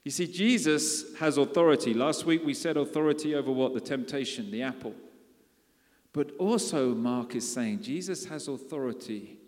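A man's voice: medium pitch, moderate pace, a little mellow. A man preaching a sermon in a conversational way, often putting questions to his congregation. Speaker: pastor. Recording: long hall reverb.

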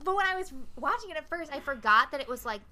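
A woman's voice: sits high, fast. A young woman co-hosting a podcast, chatting casually and rambling as she recaps a film, swearing and acting out quotes. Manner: rambling, animated, profane, acts out quotes. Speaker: podcast co-host.

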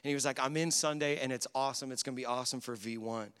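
A man preaching a sermon as pastor, energetic and joking with the congregation. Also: mid-range voice, rapid-fire, clean tone. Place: large church hall with congregation. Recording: live church sound with long reverb.

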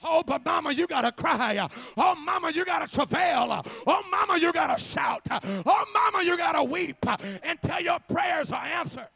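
A man preaching in a church, shouting in a rhythmic, chanted style with a huffing "uh" at the start of each phrase. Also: very high voice, expressive, moderate pace, few pauses. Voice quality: raspy, gravelly voice. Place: church sanctuary.

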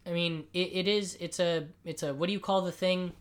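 A man hosting a casual comic book chat, recapping scenes in an animated way and acting out the characters, with frequent swearing and jokes. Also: sits high, brisk, crowd noise. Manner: animated storyteller who acts out scenes; profane, joking. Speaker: comic book podcast co-host.

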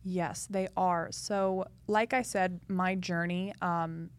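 A young woman, a podcast guest, chatting in a lively way full of fillers as she tells her story. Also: on the low side, takes it slowly, clean tone, no echo. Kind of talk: casual interview talk.

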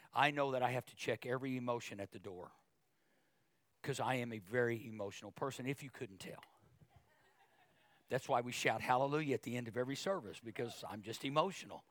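A male pastor preaching a sermon, talking conversationally with asides and repeated words, then rising in pitch and volume as he gets emotional. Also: no echo. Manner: emotional, grows louder and higher when preaching.

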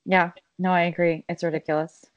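Woman, 30s, podcast co-host, lowish voice, dry close sound, thoughtful and casually profane. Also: flat delivery, a little fast, no room sound, muffled recording. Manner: reflective, explains with examples, swears casually. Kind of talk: casual chat.

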